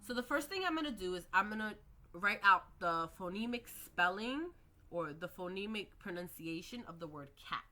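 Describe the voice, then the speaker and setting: A woman teaching early reading skills, slowly modelling words and sounds with patient explanations. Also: medium pitch, animated, sharp tone. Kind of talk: instructional lecture.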